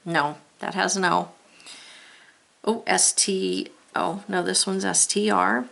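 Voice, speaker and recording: A woman teacher leading a spelling lesson, sounding out letters and words step by step and gently talking the viewer through each task. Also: mid-range voice, steady tone, takes it slowly, vocal fry.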